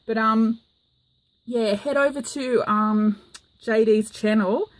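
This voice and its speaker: A woman's voice: a little high, fairly even intonation, takes it slowly. A woman with a gushing, enthusiastic manner, full of "um" fillers, showing off mail she received in a casual craft vlog. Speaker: craft vlogger. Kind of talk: casual show-and-tell vlog.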